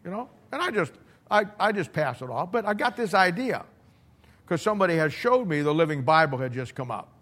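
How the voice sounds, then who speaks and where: A middle-aged man preaching in a loose, conversational way, blunt and folksy. He stumbles and repeats words as he builds his stories. His voice sits a little high for a man. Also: very animated, a little fast, fairly bright tone. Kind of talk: conversational sermon storytelling.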